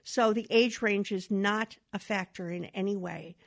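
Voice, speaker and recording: A woman lecturing through an illustrative story. Her delivery is animated, and her voice swings widely as she narrates. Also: mid-range voice, measured pace, vocal fry. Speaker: speaker on domestic violence.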